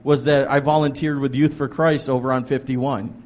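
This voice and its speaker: At normal speed, a guest pastor and ministry leader speaks in a mid-range, slightly mellow voice with a level tone. He recounts his ministry casually and earnestly, rambling with lots of restarts and "like."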